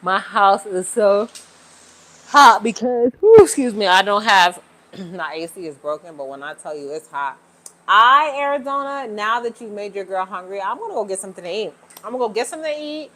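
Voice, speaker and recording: A woman's voice: mid-range voice, animated, moderate pace, fairly bright tone. A woman hosting a casual livestream from home, chatting with viewers and laughing often. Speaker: livestream host.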